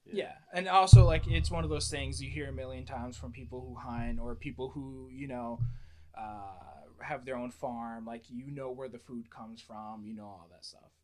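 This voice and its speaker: A man's voice: medium pitch, moderate pace, warm tone. Young man, casual podcast chat, rambling, crude, laid-back storyteller. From United States. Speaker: podcast guest.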